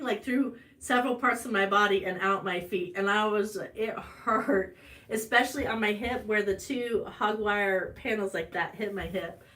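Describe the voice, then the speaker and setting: A woman with an Ozark American accent, a bit bright in tone, hosts a farm channel's live stream. She tells a personal story chattily with fillers and restarts, her voice going up high during the emotional stretches.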